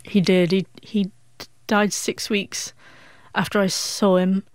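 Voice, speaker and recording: A woman's voice: medium pitch, flat delivery, no echo. Stuttering woman, dry close sound. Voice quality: stuttering with frequent sound repetitions. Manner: emotional, reflective, halting. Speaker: interview guest, author. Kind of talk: personal storytelling in an interview.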